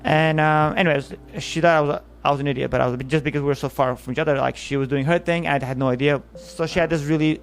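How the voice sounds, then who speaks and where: Guy rambling through a funny breakup story, kinda high voice, music faint behind. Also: steady tone, quick pace, few pauses. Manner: rambling, lots of "like" fillers, acts out quotes. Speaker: comedian telling a dating story. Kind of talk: casual storytelling monologue.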